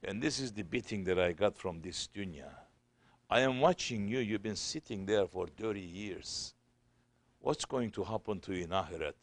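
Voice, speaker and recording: A man's voice: on the low side, moderate pace, dry recording. A man voicing a wise holy fool in a story, speaking plainly and pleadingly. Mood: lamenting.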